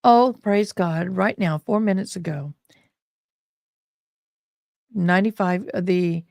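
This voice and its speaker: A woman's voice: on the low side, takes it slowly, gravelly, a little mellow, no echo, clean studio sound. A woman hosting a live stream in a rambling, chatty way. She is short of breath and breaks off to sigh and cough. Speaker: livestream host. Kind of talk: casual live-stream chat.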